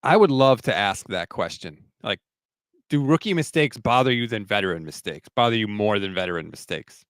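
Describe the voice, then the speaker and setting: Animated man co-hosting sports talk. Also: on the low side, normal speed, no room sound, studio quality. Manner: animated, laughs often. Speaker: sports podcast co-host. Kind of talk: casual sports talk livestream.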